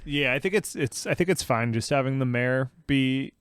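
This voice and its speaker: Young man with measured, brief remarks. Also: mid-range voice, fairly bright tone, clear, resonant tone, no room sound, studio quality. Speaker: podcast co-host. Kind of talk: casual film chat.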